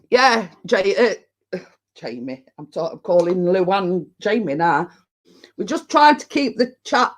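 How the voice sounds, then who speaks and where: A woman hosts a casual chat from home. She tells rambling stories at an unhurried pace and laughs often. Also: medium pitch. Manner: rambling anecdotal storytelling with frequent laughter. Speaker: host of a live chat stream. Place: at home indoors.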